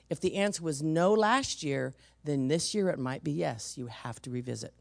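A middle-aged woman preacher from San Francisco delivers her sermon through personal stories, her voice a touch low and gravelly. She lets her pitch rise and fall widely and punches the voices of the people she quotes. The sound is close and dry, with no room around it. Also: normal speed, hardly any pauses, no room sound. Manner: storytelling, acts out quoted voices, emphatic.

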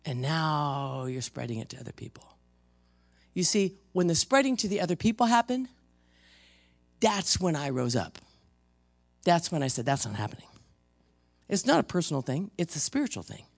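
A pastor preaching a sermon in church to the congregation, emphatic, swinging from loud rebukes to hushed intensity. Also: medium pitch, vocal fry. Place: church service before a congregation.

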